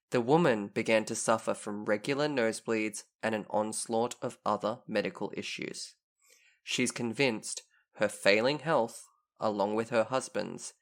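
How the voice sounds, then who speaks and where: A man with a gravelly, creaky voice hosts a relaxed chat podcast. He reads eerie internet stories in a mock reporter tone and gets animated when he reacts to them. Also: lowish voice. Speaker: podcast co-host. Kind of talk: casual chat and dramatic story reading.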